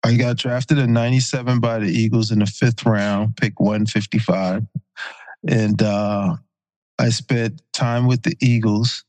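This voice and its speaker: A man's voice: fairly low pitch, unhurried, no echo. A man in his forties, a former pro football player, casually telling a story as a podcast guest with plenty of fillers and self-corrections. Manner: relaxed anecdotal retelling with fillers and self-corrections.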